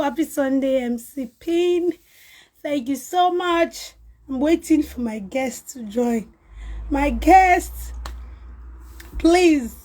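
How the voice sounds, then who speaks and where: Woman, live-stream host, slow and high, voice roughed up by a cold, chatty, shouts out viewers. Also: low-quality recording. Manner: chatty, greets viewers by name, laughs often. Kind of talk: casual live-stream chat.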